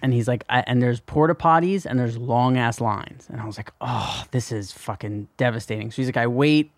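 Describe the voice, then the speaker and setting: A man's voice: mid-range voice, a little fast, dry recording, studio quality. A man co-hosting a podcast, telling rambling stories in casual chat and swearing freely. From New York. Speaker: podcast co-host.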